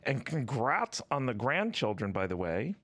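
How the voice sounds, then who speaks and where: An interview host asking relaxed, curious questions and laughing easily. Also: medium pitch, normal speed, no echo. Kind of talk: conversational interview.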